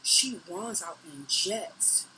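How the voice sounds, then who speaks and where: A young woman with a bright, forceful voice tells a story straight to her camera at home. She swears freely and acts out what she said back then. A faint hiss sits under her voice. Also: medium pitch, slow pace, poor audio. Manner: animated, profane retelling that acts out her own lines. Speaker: vlogger. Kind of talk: storytime monologue.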